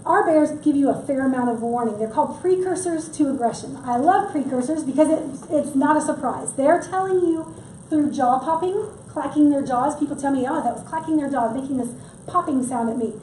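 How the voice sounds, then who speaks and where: A woman's voice: sits high, fairly quick, darkish tone, a little hiss or hum. A middle-aged woman giving a chatty public workshop talk on wildlife, with joking asides. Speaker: wildlife presenter. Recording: echoey room, mic from far off.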